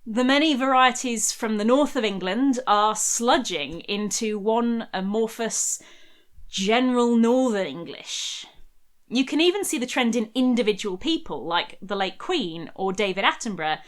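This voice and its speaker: A woman's voice: fairly high pitch, expressive, a little slow. A young woman narrating a scripted history video essay in a wry, conversational way.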